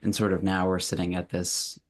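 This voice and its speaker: A man's voice: deep voice, monotone, fairly quick. A man speaking as a guest on a panel discussion, thoughtful, with many hesitant fillers.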